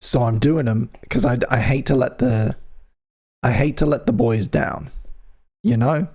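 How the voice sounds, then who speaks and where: A man's voice: medium pitch, a little slow, a little mellow, breathy edge. A man from the UK hosting a live music stream, chatting casually and playfully with his viewers in a rambling, teasing way. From United Kingdom.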